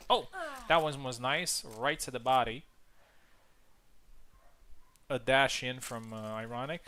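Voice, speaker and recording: A man whose first tongue is a Latin language calls a tournament match live, at an ordinary mid pitch. His delivery is casual and halting, full of fillers and restarts. Noticeable background noise runs under the recording. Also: steady tone. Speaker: tournament commentator. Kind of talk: live game commentary.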